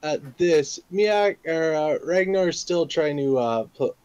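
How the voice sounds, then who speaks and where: Slow, dry-voiced tabletop player, a man. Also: fairly high pitch, expressive, darkish tone, smooth, no room sound, low-quality recording. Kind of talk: describing his character's actions in a tabletop game.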